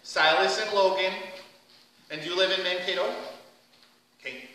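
A man with a high, bright voice leads a children's message, gently asking questions and playing along with the kids. He is picked up from a distance in an echoey church hall with a long reverb, and a faint hiss sits underneath. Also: fairly even intonation, moderate pace. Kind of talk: children's sermon. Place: church sanctuary.

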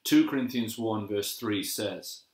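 A man giving a gentle, measured devotional sermon as a pastor, slowing down to repeat key phrases. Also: fairly low pitch. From England. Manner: gentle, measured and reflective, with slow emphatic repetitions. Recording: echoey room.

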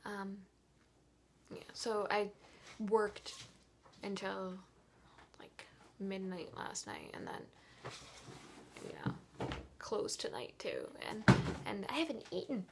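A tired young woman venting in a casual vlog, talking quietly, often half-whispered, rambling and frustrated. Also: mid-range voice, very animated, extremely slow, gravelly, pauses often. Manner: hushed, half-whispered talk. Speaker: vlogger.

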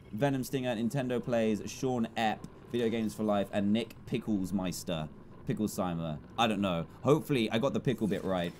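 A young man streaming a game, quickly reading out viewer names and donations with cheerful asides. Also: fairly low pitch, a little mellow, slight background noise. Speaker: gaming YouTuber reading donations. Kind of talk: livestream gameplay commentary.

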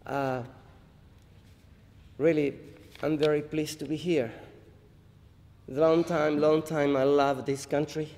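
A man's voice: on the high side, little pitch movement, darkish tone. Paraguayan man speaking in a big hall. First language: Spanish. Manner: halting, humble English with restarts. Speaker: harpist performer. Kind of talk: stage introduction between songs. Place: large hall, live audience. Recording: roomy hall reverb, faint ambience.

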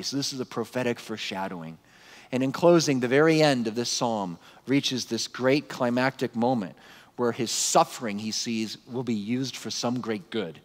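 A man giving a conversational, animated Bible talk to a live conference audience, with frequent asides. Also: a little high, big-room sound. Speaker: conference speaker.

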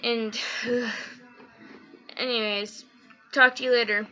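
High, bright-voiced teenage girl vlogging. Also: flat delivery, slow pace, faint music behind. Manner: rambling and giggly, turning earnest and heartfelt. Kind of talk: casual vlog chat. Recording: dull lo-fi recording.

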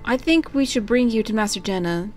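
A woman's voice: on the high side, animated, brisk, darkish tone, faint music behind, lightly acted. An exasperated young creature boy, as a woman puts him on. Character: earnest, easily frustrated young male creature. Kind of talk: fan fiction reading.

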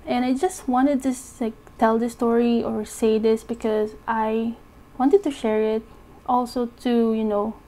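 Candid vlogger, young woman, slightly high voice, halting and soft, lots of fillers. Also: level tone. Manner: soft, halting, open about her feelings, with frequent fillers. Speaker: budgeting vlogger. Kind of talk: candid personal vlog talk.

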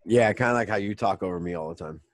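A man with a low voice trades casual, joking banter with his co-host on a podcast. The recording is dry and close, with almost no room sound. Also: fast talker, no room sound. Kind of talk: casual chat.

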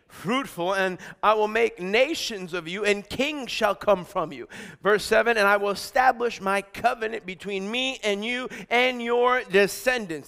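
A middle-aged man preaching a sermon, energetic and exhorting, calling out lines for the congregation to repeat and shouting emphatic points. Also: high-pitched, gravelly. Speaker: pastor.

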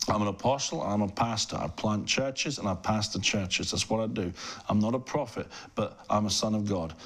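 A man's voice: on the low side, moderate pace. A middle-aged man preaching a fervent televised sermon, speaking in rhythmic repeated phrases and addressing the viewer directly. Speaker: pastor.

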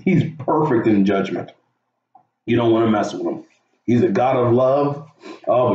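A man preaching a casual devotional, excitable and laughing often, calling his listeners dude. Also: mid-range voice. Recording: echoey, distant, dull room sound.

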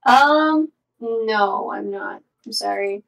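A woman's voice: mid-range voice, slow pace, vocal fry, a bit bright, distant mic, low-quality recording. A woman voicing a distraught young woman patient, a jealous gamer girlfriend who rambles and curses nonstop, in an improvised comedy role-play. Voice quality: curses constantly, rambling and dramatic.

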